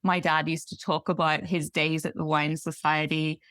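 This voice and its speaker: Brief: northern irish woman, middle-aged, measured and articulate, low-ish voice, dry close mic. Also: little pitch movement, fairly bright tone, no room sound. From Northern Ireland. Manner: articulate, friendly, measured storytelling. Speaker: guest, wine expert. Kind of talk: interview conversation.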